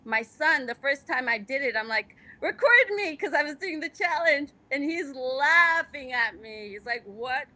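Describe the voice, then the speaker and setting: A middle-aged woman from Afghanistan speaks as an interview guest, with a bright, forceful tone. Her voice sits high, and she talks with motivational passion, stacking up repeated phrases for emphasis. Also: moderate pace, hardly any pauses. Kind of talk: candid conversational interview.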